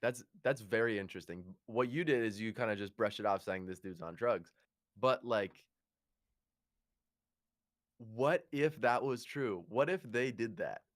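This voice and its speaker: Laid-back low-voiced man, "dude" talk. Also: lively intonation, a little slow, no echo, studio quality. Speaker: podcast co-host. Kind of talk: casual chat.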